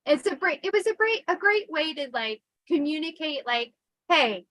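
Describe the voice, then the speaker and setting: A woman hosting a casual storytelling livestream, chatty and animated with lots of fillers. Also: sits high, moderate pace, no echo, low-quality recording. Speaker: host.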